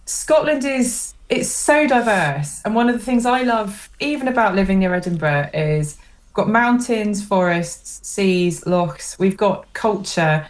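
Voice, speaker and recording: A woman's voice: mid-range voice, animated, a little slow. A woman with a posh southern English accent, chatting as a guest on a phone interview, talkative with frequent ums and easy laughter. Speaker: guest commentator.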